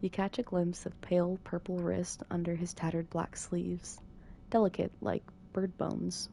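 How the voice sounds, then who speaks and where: A woman reads a visual novel aloud in a calm, unhurried bedtime manner. Her voice sits low and mellow, with a gravelly fry, and she drops in dry little asides. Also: a little hiss or hum. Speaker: narrator reading a visual novel. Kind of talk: soft bedtime narration.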